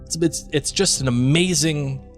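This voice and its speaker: A man's voice: on the high side, measured pace, music in the background. A man co-hosting a podcast in a casual, upbeat way, plugging upcoming shows. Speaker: podcast co-host.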